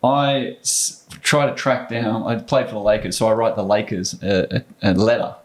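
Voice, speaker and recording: A man in his fifties with an Australian accent, a former basketball player telling stories as a guest, animated and quick to restart. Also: fairly low pitch. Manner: animated anecdotes, frequent restarts and laughs. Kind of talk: casual storytelling.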